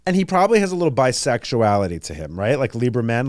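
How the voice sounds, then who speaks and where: A man hosting a podcast, rambling casually with lots of fillers and an animated delivery. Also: mid-range voice, fast, hardly any pauses, no room sound, clean studio sound. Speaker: podcast host. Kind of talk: casual chat.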